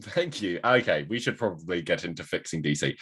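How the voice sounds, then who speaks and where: A man's voice: low voice, lively intonation, fairly quick, fairly bright tone, breathy edge. A man co-hosting a podcast in casual chat, joking and playful, talking over a video call. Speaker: podcast co-host.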